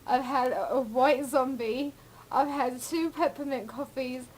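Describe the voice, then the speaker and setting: A woman's voice: high voice, measured pace, a little mellow, slight background noise, poor audio. A woman vlogging in a rambling, profane, giggly way, jittery from too much coffee. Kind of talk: casual rambling chat.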